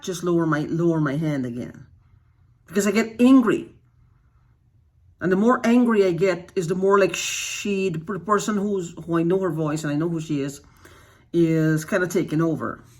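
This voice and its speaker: A YouTube channel host talks in an unscripted vlog monologue, his husky, slightly rough voice sitting mid-range at a normal speed. Sounding agitated, he keeps firing off rhetorical questions. His sentences often stall and restart, and he says key phrases twice for emphasis.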